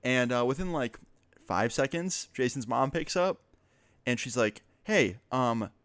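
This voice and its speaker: Young man, casual storytelling, rambling, profane, mid pitch, dry close sound. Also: lively intonation, unhurried, fairly bright tone, dry recording. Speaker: vlogger.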